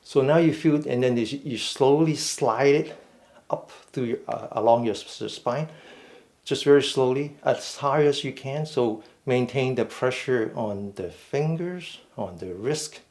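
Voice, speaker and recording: A man leading a mindful fitness class, giving slow, step-by-step stretching cues and often checking in with "okay?". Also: medium pitch, darkish tone. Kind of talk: guided stretching instruction.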